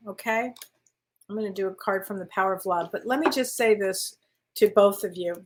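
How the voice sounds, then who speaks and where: A woman working as a spiritual medium, giving card readings in casual, affectionate chat and calling listeners honey. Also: mid-range voice.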